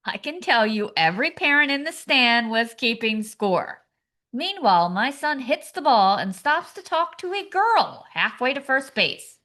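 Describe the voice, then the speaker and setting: A woman's voice: a little high, big pitch swings, unhurried, sharp tone. A woman co-hosting a comedy podcast, sarcastic and acting out screaming parents in her jokes. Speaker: podcast co-host.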